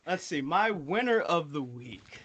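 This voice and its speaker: A man's voice: fairly high pitch, big pitch swings, unhurried, background noise. A man co-hosting a podcast in casual chat, ribbing his co-hosts and enthusing about his picks. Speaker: podcast co-host.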